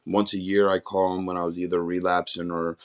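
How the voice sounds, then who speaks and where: A man's voice: sits low, little pitch movement, a little fast. A middle-aged man, a podcast guest, candidly telling his life story in a raw, rambling way with many restarts.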